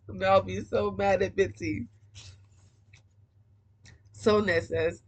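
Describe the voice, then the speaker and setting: A woman's voice: on the low side, steady tone, takes it slowly, long pauses, low-quality recording. A woman reading a young-adult novel aloud, breaking off for casual, slangy comments. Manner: casual slangy asides between passages. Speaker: book reader.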